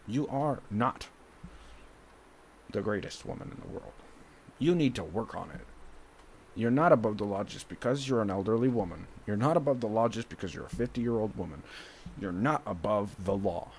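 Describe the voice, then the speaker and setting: A man's voice: fairly low pitch, lively intonation, normal speed, a little hiss or hum. A young man in an emotional monologue to his mother, confrontational and rambling, with many fillers.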